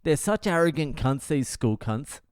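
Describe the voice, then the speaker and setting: A comedian hosting his own podcast, telling a story in a profane, wry, deadpan way with lots of swearing. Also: fairly high pitch, normal speed, clear, resonant tone, no echo, studio quality. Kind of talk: comic storytelling monologue.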